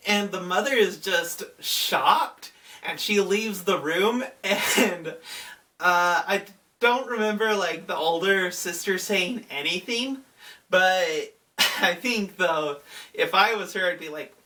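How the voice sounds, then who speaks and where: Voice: medium pitch, takes it slowly, pushed and bright, recorded from a distance. A video reviewer giving a casual, chatty recap of a horror episode, with plenty of fillers.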